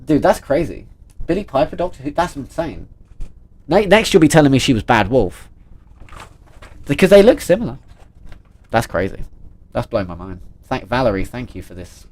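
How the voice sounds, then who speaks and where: A man's voice: medium pitch, big pitch swings, moderate pace, pauses often, darkish tone. A man, chatting casually and playfully on a livestream while reading and answering chat. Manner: chatty and playful, reads chat aloud and reacts with jokes. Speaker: streamer.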